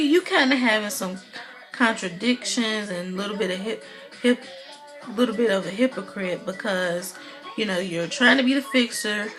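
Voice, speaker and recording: A woman's voice: medium pitch, fairly bright tone, low-quality recording. A woman giving a casual, opinionated recap of a TV episode, chatty and full of fillers. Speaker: video blogger.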